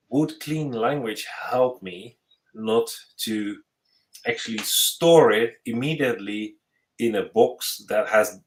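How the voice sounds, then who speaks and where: A man with a lowish voice hosts a podcast as a futurist in a casual conversational interview. He sounds thoughtful and searching, restarting himself frequently, and the recording is rough.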